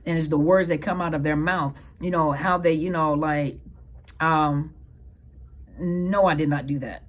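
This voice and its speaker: A woman counselor giving earnest advice to viewers, emphatic and repeating her key points. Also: fairly low pitch. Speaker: counselor and coach.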